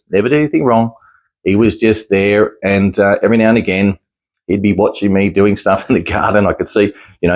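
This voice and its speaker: A man's voice: on the low side, a little mellow. A man talking casually to camera as a psychic medium, rambling and restarting his sentences. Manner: rambling, with frequent restarts and easy chuckles. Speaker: psychic medium sharing experiences.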